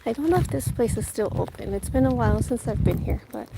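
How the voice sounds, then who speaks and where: Outdoors on a noisy street with wind, a food vlogger with a slightly high, creaky voice chats fast and with lively intonation. She laughs often and retells what others said.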